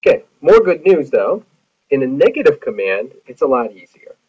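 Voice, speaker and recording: A man's voice: mid-range voice, big pitch swings, moderate pace, husky. A man teaching Spanish grammar in a recorded lecture, explaining patiently with many fillers. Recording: tinny phone-like audio.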